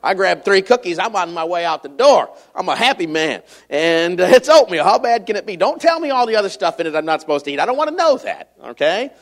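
A man's voice: sits high, big pitch swings, fast, hardly any pauses. A middle-aged man from Michigan, a visiting preacher giving a folksy, joking sermon and reading scripture aloud in a raised voice.

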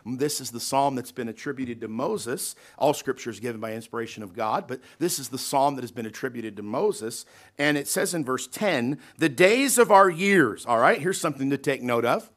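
Speaking at a medium pitch, a man preaches in a church sanctuary with a forceful, folksy manner. This pastor moves between drawn-out, loud lines and quieter asides, often questioning the people in the pews.

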